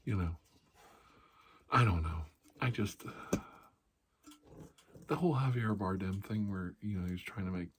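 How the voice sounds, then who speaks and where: A man's voice: low-pitched, a little hiss or hum. A middle-aged man hosting an ASMR channel, rambling casually in a blunt, profane, sarcastic way.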